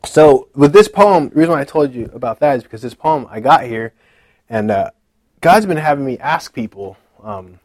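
A man's voice: medium pitch, animated, moderate pace, a little mellow, dry recording. A man giving a casual personal testimony at a conference. He tells his story in a chatty way, acting out what other people said and using many fillers like "like".

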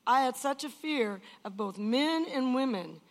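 A woman's voice: sits high, animated, unhurried. An older woman giving an emotional personal testimony in an earnest, emphatic way, often repeating phrases.

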